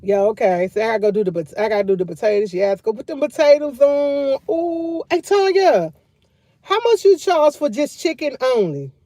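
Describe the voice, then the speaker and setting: Woman, livestream host, loud, chatty, laughing storyteller, dry close sound. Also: high voice, expressive, moderate pace, dry recording. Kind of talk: casual livestream chat.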